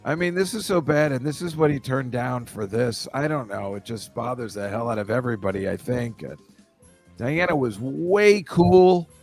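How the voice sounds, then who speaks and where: A man's voice: medium pitch, animated, a little mellow, faint music behind. Rambling man hosting a casual chat. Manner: rambling, halting, full of fillers. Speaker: podcast host.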